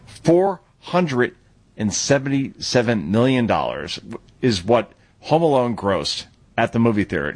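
A man's voice: fairly low pitch, slightly rough, no room sound. A middle-aged man hosting a radio talk show in a chatty, conversational way with plenty of asides.

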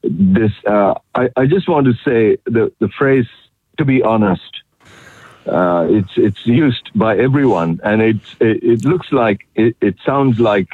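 A male caller speaks over a tinny phone line, halting and restarting as he makes his point. His voice is lowish and husky. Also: no room sound. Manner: hesitant, halting. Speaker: radio caller.

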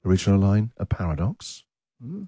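A man's voice: deep voice, big pitch swings, a little fast, over music. A middle-aged man hosting a casual breakfast radio show, joking and laughing often. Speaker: radio host. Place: radio studio.

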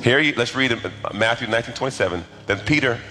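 A man preaching a sermon as pastor, in a lively conversational way with call-and-response to the congregation. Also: medium pitch, quick pace. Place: church sanctuary. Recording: echoey hall with faint music.

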